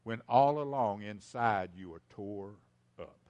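A man preaching a sermon to his congregation, repeating key lines for emphasis and swinging between loud and hushed delivery. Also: on the low side, unhurried, highs cut off. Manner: speaks directly to the congregation as folks. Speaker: pastor.

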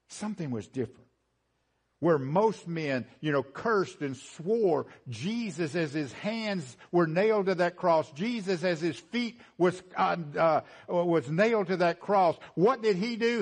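This sermon comes from a man whose delivery swings between building, insistent peaks and soft, low passages, with phrases repeated for effect.

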